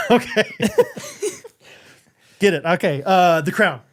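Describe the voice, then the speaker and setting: A man's voice: high-pitched, wildly swooping pitch, takes it slowly, fairly bright tone. A man co-hosting a podcast, running a casual quiz with lots of laughter and hesitant filler words. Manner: giggly, hesitant, lots of ums. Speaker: podcast co-host.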